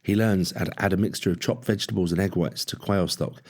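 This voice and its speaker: Man, very low voice, audiobook narration, steady, measured. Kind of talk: scripted narration.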